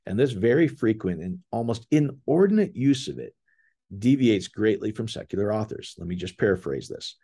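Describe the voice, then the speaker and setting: A man with a husky, slightly low voice leads a casual scripture word study. He explains each term with eager enthusiasm and keeps turning to his listeners directly. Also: very animated, normal speed, warm tone. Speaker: bible teacher.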